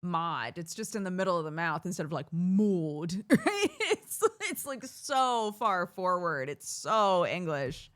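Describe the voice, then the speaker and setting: A woman's voice: lowish voice, big pitch swings, unhurried, few pauses, a bit bright. An American woman streamer chatting casually with viewers, laughing often as she talks. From United States.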